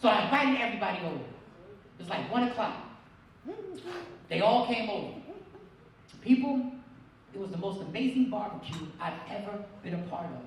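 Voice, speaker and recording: A man telling a comic story at a party, animated and laughing through his punchlines. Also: high voice, moderate pace, long pauses. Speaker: comedian. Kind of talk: stand-up storytelling. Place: party venue with audience. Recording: echoey room from far off, crowd noise.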